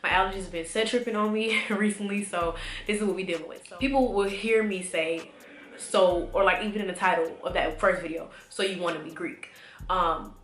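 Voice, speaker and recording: A woman's voice: mid-range voice, brisk, fairly bright tone. A young woman vlogging to camera in a casual, rambling way with lots of fillers, a little congested. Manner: chatty, rambling, many fillers. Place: home room. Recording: echoey room.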